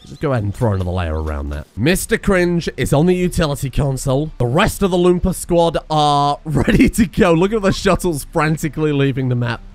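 A man's voice: a little high, brisk, hardly any pauses. A man casually commentating his own gameplay, breaking into exclaims and laughter. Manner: excitable, laughs and exclaims in bursts. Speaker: gaming video host.

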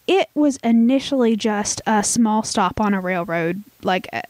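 A woman's voice: medium pitch, animated, a little slow, darkish tone, no room sound. A woman in her thirties with a Southern US accent, co-hosting a podcast in casual, rambling chat and laughing easily. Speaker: podcast co-host.

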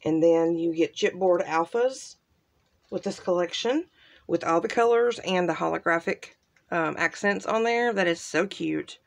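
A woman hosting a casual crafting unboxing, gushing softly and trailing off into quiet asides. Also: on the low side, a little slow, gravelly. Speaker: crafting channel host. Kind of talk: casual unboxing show-and-tell.

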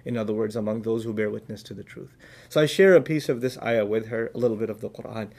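A man's voice: lowish voice, fast, darkish tone. A man giving an earnest religious advice talk, telling stories and translating scripture verses as he goes. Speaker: Islamic speaker.

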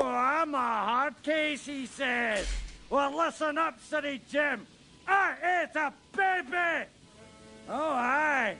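A man's voice: extremely high pitch, sharp tone, exaggerated voice. A man doing a comedic impression of an obese, crude, gluttonous Scottish man who bellows and boasts. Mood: defiant.

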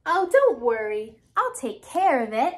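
A woman's voice: sits high, big pitch swings, unhurried. A woman voicing a pushy, whiny male pigeon from a picture book, pleading dramatically.

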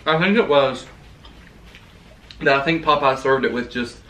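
A man, co-hosting a casual mukbang and chatting excitably between bites. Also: mid-range voice, moderate pace. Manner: chatty, excitable, talks while eating. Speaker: co-host.

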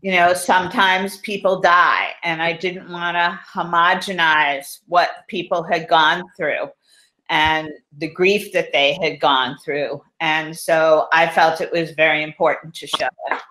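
A woman's voice: low voice, steady tone, unhurried, sharp tone, slight background noise, low-quality recording. A woman filmmaker answering a question on a panel in an earnest, thoughtful way.

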